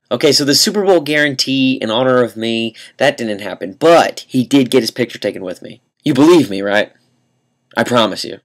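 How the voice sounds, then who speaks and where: A young man telling a comic story to camera, deadpan and mock-earnest, with dramatic pauses. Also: mid-range voice. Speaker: vlogger.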